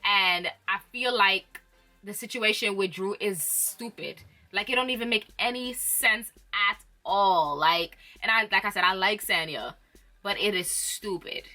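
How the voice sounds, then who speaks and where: A young woman casually recapping reality TV, opinionated and animated, often laughing. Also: mid-range voice, measured pace, soft background music. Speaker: reality TV commentator.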